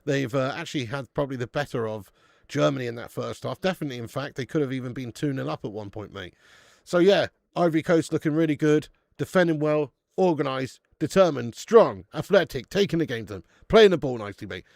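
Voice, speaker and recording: A man's voice: medium pitch, lively intonation, a little fast, creaky, no echo, studio quality. A young adult English man hosting a live football watch-along, chatting loosely, reading out viewer comments, swearing and laughing, and calling people mate and lad.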